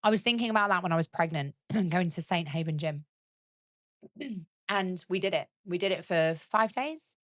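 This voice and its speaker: A woman's voice: on the low side, lively intonation, moderate pace, no echo, clean studio sound. A woman in her thirties, co-hosting a casual podcast chat, telling stories with lots of laughter. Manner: chatty, laughing storyteller. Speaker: podcast co-host.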